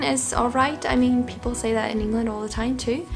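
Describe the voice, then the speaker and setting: Young woman, German accent, casual vlog chat, laughs a lot, slightly high voice, faint background music. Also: fairly even intonation, fairly quick, creaky. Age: young adult. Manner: chatty, laughs often, acts out quotes. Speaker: vlogger.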